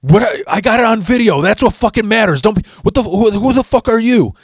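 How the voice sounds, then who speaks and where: A man's voice: high-pitched, animated, brisk, slightly rough, dry recording, clean studio sound, voice pushed up, heavily acted. A man voicing a screaming, foul-mouthed redneck mother who is hostile and swears constantly. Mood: furious yelling.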